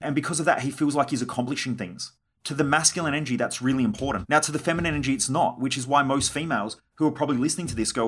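Man, podcast host, husky voice, rapid delivery, blunt and profane. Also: fairly high pitch, a bit bright. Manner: blunt, swears freely, acts out quoted conversations. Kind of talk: solo podcast monologue.

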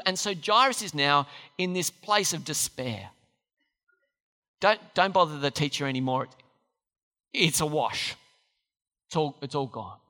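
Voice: mid-range voice, pushed and bright. A preacher giving a sermon, speaking with emphasis and putting questions to the listeners. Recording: long hall reverb.

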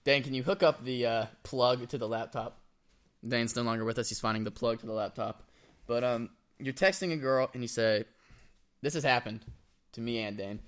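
A man's voice: mid-range voice, steady tone, moderate pace. A young man co-hosting a casual comedic chat, joking and acting out text messages in quoted voices. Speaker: co-host. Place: indoor room with laptop.

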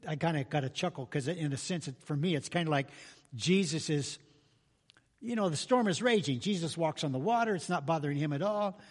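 A man's voice: fairly high pitch, brisk. A man pastor giving a sermon in a folksy, humorous, conversational way with sudden emphatic bursts. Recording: reverberant church hall.

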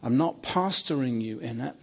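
A preacher voicing Jesus speaking to him in a dream, insistently repeating his demand and then talking softly and tenderly. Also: mid-range voice, lively intonation, moderate pace, gravelly, breathy edge, pitched below the performer's own voice. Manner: soft and tender when gentle.

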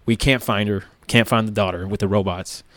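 A man's voice: fairly low pitch, fairly even intonation, brisk, fairly bright tone, dry recording. A police tactical officer, a man, recounting events in a plain-spoken, casual way with lots of "like" and "right?". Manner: plain-spoken, many fillers like "like" and "right?", occasional swearing.

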